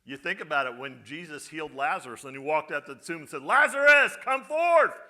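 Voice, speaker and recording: A man's voice: mid-range voice, fast, sharp tone. A male pastor giving a conversational sermon, often putting rhetorical questions to his congregation.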